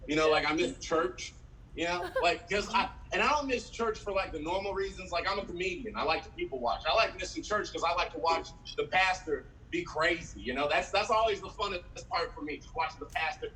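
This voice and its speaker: A man from San Diego performing an animated stand-up set, swearing freely and acting out quotes. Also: sits high, a little fast, far from the mic, a little hiss or hum, rough recording. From San Diego, USA. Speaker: stand-up comedian. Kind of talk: live-streamed stand-up set.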